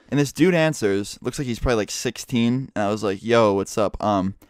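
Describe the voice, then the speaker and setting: A young man casually telling a story to his channel, full of swearing and animated retelling. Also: on the low side, no room sound, clean studio sound. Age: young adult.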